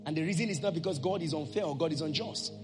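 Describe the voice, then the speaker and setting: A man preaching a sermon, calling out to the congregation and rising into shouted, chanted lines. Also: fairly high pitch, quick pace, over music.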